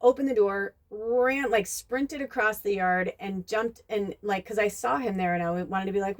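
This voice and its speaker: Woman podcast host, chatty rambling solo talk, lively retelling. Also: mid-range voice, moderate pace, hardly any pauses. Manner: rambling, full of "like" and "you know"; animated when retelling scenes. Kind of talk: casual monologue.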